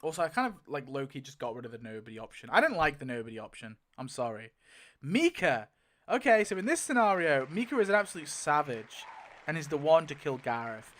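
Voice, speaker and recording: A man's voice: fairly high pitch, very animated, a little fast, fairly bright tone. A young man giving casual commentary as he spins a wheel to pick story outcomes, rambling with lots of filler and frequent swearing. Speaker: video creator.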